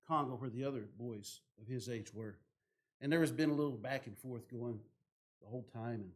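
A man, a pastor telling a story from the pulpit, growing louder and more animated in the dramatic parts. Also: a little high. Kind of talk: sermon storytelling.

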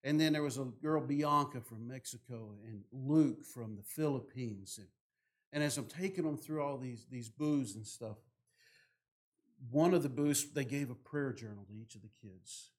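A man, a pastor telling a story from the pulpit, growing louder and more animated in the dramatic parts. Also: mid-range voice, moderate pace. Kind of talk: sermon storytelling.

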